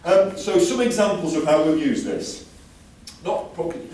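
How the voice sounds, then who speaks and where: Male conference speaker from the UK, lively and jokey, mellow tone, distant mic in a roomy hall with faint ambience. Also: on the high side, moderate pace. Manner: enthusiastic, chatty, jokey asides. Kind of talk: conference talk.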